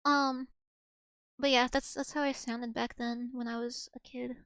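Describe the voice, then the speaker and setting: A woman streaming as a VTuber talks in a high voice, rambling through casual chat full of fillers and self-corrections. The sound is dry and close, with no room around it. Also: level tone, a little slow, fairly bright tone, clear, resonant tone, dry recording. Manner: rambling, filler-heavy, many restarts.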